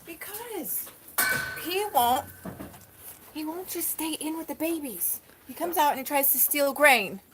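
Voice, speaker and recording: A woman with a high voice makes offhand, teasing remarks about the goats while doing barn chores. She speaks over loud barn noise on a live stream. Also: animated, a little slow, pauses often. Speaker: farm co-host helping with chores. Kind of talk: casual chat while doing farm chores. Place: farm barn with animal pens.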